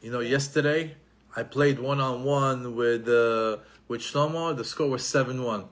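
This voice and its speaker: A middle-aged man giving an animated Torah lesson, repeating himself and mixing in Hebrew terms. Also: medium pitch, measured pace. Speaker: Torah teacher.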